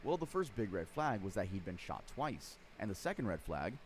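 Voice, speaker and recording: A man giving scripted true crime narration, lively storytelling with dry sarcastic asides. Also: fairly low pitch, a little fast, slight background noise.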